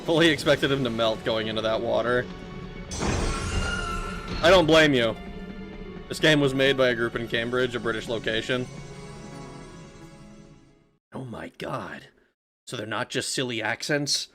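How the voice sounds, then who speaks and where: This man chats and jokes with viewers while streaming a game with music playing, laughing frequently. His mid-range voice is unhurried, and he pauses often.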